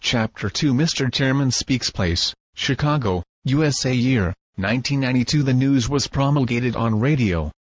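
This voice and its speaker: A man narrating a book in a measured, formal reading voice. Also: medium pitch, breathy edge, no room sound. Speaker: audiobook narrator. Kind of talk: scripted narration.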